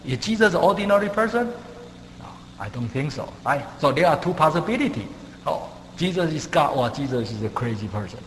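A man preaching a sermon, halting with many fillers and non-native grammar, leaping up in pitch and volume for emphasis. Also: animated. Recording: long hall reverb, faint hum.

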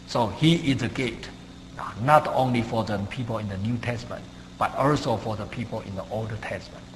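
A man preaching a sermon, halting with many fillers and non-native grammar, leaping up in pitch and volume for emphasis. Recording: long hall reverb, faint hum.

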